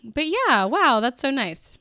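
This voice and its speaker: A woman in her thirties co-hosting a podcast, animated and joking, swearing casually. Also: high voice, slow, no echo, clean studio sound. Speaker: podcast co-host. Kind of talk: casual chat.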